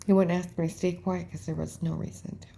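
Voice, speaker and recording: A woman's voice: on the low side, little pitch movement, fairly quick, gravelly, mellow. A woman telling a personal story in a rambling, emphatic way, often dropping to a whisper. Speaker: storyteller recounting events.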